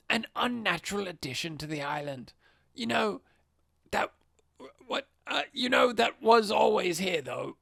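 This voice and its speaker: A podcast co-host voicing a haunted, obsessed male site director in a put-on accent. The delivery is slow and halting, swinging between murmurs and outbursts. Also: medium pitch, creaky, bright, forceful tone, no echo, studio quality, exaggerated voice. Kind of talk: dramatic reading of a log.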